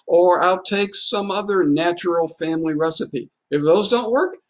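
A man's voice: high voice, moderate pace. A man preaching a livestreamed sermon in an easygoing, conversational manner. He tells the story in plain, homely terms and keeps posing rhetorical questions to the congregation. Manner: conversational and folksy. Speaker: pastor.

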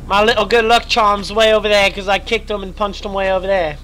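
Young male streamer, high bright voice going hoarse, chatty, yelps at scares, faint hum behind. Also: flat delivery, brisk, hardly any pauses, low-quality recording. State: losing his voice, stuffy nose. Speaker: streamer playing a horror game. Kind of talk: live gaming commentary.

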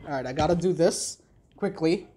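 A young woman giving excitable, self-deprecating commentary while playing a video game on a headset mic. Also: deep voice, moderate pace, breathy edge. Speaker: gaming channel host. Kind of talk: let's play commentary.

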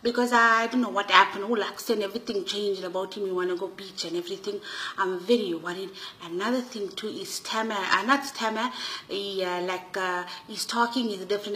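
A woman with a Durban South African Indian English accent, telling a comic monologue as a nosy auntie. Her voice is bright and forward, full of gossipy indignation in broken English. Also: medium pitch, fairly quick, low-quality recording. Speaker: comedic storyteller.

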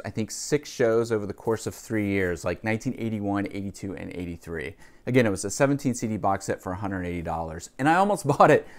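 A man chatting casually to camera about music he bought, rambling with asides and fillers. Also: on the low side. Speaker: vlogger, record collector. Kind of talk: casual music haul vlog.

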